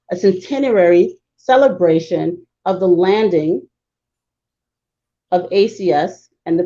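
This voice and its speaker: A woman lays out a historical argument in an emphatic, lecturing manner, speeding up in quick bursts. Her voice sits in a middle pitch. The recording sounds a little dull and lo-fi. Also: dark tone. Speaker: guest historian. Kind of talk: discussion on a talk show.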